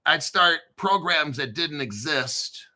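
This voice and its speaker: A man's voice: fairly high pitch, animated, slow, bright, forceful tone. A man hosting a crypto channel, talking casually off the cuff in a blunt, boastful way full of swearing. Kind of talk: casual unscripted livestream talk.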